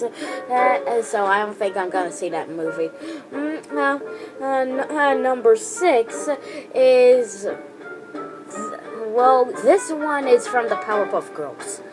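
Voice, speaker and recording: A woman's voice: a little high, low-quality recording. Hesitant woman hosting, music behind. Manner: hesitant, many fillers and restarts. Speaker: video host. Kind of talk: casual countdown commentary.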